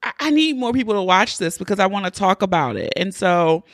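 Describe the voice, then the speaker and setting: A woman's voice: medium pitch, big pitch swings, a little fast, no room sound, studio quality. A woman hosting her podcast, talking casually and candidly, with plenty of cursing. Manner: candid, profane, chatty. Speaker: podcast host. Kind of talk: casual solo podcast intro.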